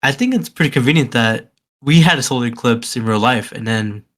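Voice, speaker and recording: A man's voice: mid-range voice, a little fast, a bit bright. A man co-hosting a podcast in casual chat, enthusiastic and loose, often repeating words as he restarts. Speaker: podcast co-host.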